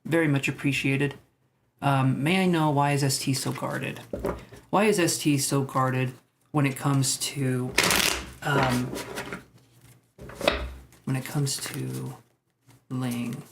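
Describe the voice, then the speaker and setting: Heavy background noise surrounds a man reading tarot on a live stream in a gravelly, medium-pitched voice. He speaks slowly and steadily, pausing often, and jokes loosely with viewers in rambling asides between cards.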